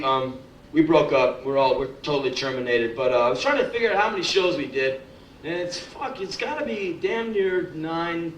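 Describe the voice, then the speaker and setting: A man's voice: on the high side, fairly bright tone. A young man doing a live spoken word show, telling stories in a blunt, profane, sardonic way. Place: live music club. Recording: echoey club from a distance, faint crowd noise.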